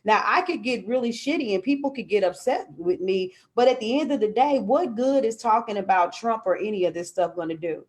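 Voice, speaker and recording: A woman's voice: a little high, animated, brisk, hardly any pauses. A woman hosting a live podcast, talking in a fervent, preachy way and repeating words when she gets fired up. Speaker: podcast host. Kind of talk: live-streamed podcast talk. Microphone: live stream on a video call.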